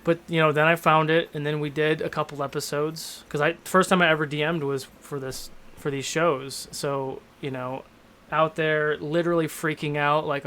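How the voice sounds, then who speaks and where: A man's voice: on the high side, steady tone, normal speed, a bit bright, clear, resonant tone. A man in his thirties, a game master and show host, talking candidly in a rambling, self-deprecating way in a casual panel discussion.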